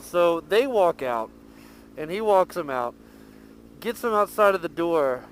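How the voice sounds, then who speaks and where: A man's voice: high voice, unhurried, slight background noise. A man telling a profane hotel story in a casual vlog, recorded on a helmet mic while out on his motorcycle. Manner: animated, profane, laughing storyteller. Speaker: motovlogger. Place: outdoors riding a motorcycle.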